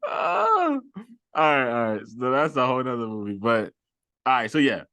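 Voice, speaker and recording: Excitable male host in casual movie banter, animated pitch, dry mic. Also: normal speed, no room sound. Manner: excitable, laughs often, restarts and repeats himself. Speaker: podcast host.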